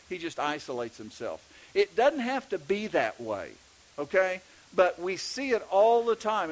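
A man's voice: fairly high pitch, a bit bright, low-quality recording. A middle-aged man with a Texas accent, preaching a sermon in a conversational way with many restarts. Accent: Texan. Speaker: pastor.

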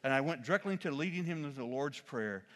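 A man preaching a sermon as an animated storyteller, jumping from loud exclamations to quiet, solemn asides. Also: fairly high pitch, fast, long reverb tail.

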